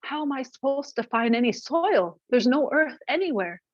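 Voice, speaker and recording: A woman's voice: high voice, expressive, moderate pace, no room sound, voice pushed up. A woman voicing a tearful, pregnant young woman from the sky who pleads for help. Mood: pleading. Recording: dull, dry lo-fi recording.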